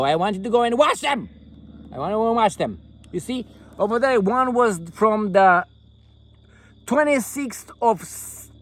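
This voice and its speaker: An older man vlogging from inside a tent, giving rambling political commentary in a profane, mocking, jokey way. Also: high voice.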